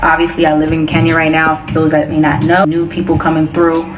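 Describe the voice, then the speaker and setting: An American woman vlogger chatting casually and playfully, and she talks fast. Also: sits low, monotone, roomy sound, far from the mic, highs cut off, music in the background. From United States. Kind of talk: casual vlog chat.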